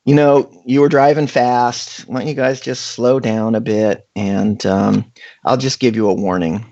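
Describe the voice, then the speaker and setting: Laid-back middle-aged highway cop, as a man retells him, gravelly, unhurried, lo-fi. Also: steady tone, dark tone, close to an everyday voice. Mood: easygoing.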